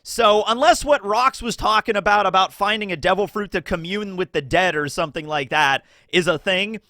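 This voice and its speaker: A man hosts casual anime theory commentary in a high, bright voice. He rambles and fills his talk with fillers, jumping into animated acted-out dialogue. The recording is dry and close, with no room sound. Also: moderate pace, no echo. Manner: rambling, filler-heavy, acts out characters in animated bursts.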